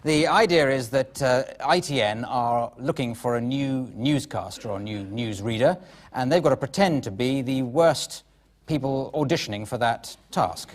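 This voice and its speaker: Giggly, flustered game-show host. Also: male voice, mid-range voice. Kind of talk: hosting an improv comedy show. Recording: studio audience, live stage.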